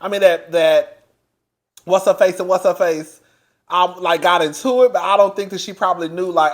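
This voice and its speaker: A man giving a casual recap of a reality show, loud and animated, laughing often and chatting straight to his listeners. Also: sits high, normal speed. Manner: chatty, addresses listeners as girl. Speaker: TV show reviewer.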